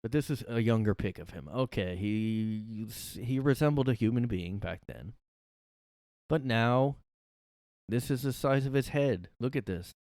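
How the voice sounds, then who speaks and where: A man's voice: medium pitch, a little slow, darkish tone, no echo, studio quality. A man hosting a solo comedy podcast from his room, ranting in a rambling, profane, sarcastic way. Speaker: podcast host.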